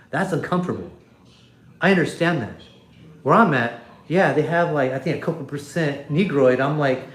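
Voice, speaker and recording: A man with a somewhat high voice rants bluntly into a phone on a casual livestream. He swears freely, restarts his sentences and wanders off track. The phone picks up a lot of echo from the room. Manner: blunt, profane, rambling with restarts. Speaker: livestream host.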